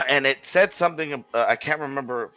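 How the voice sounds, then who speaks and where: A man's voice: mid-range voice, animated, normal speed, bright, forceful tone, no echo, lo-fi sound, soft background music. A man telling a long personal story in a casual, rambling way, swearing often and restarting his sentences. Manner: rambling, profane, with many restarts.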